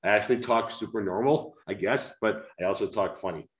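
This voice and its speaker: Male author guest, lower register, deliberate over-enunciated delivery, echoey room. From United States. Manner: slow, carefully enunciated delivery to be easily understood. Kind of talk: conversational interview, reading aloud from his book.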